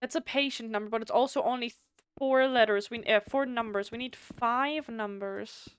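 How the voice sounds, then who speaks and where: A woman, a native German speaker, streaming a game with casual commentary, animated and swearing freely while reading text aloud. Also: on the high side, normal speed, smooth, no room sound.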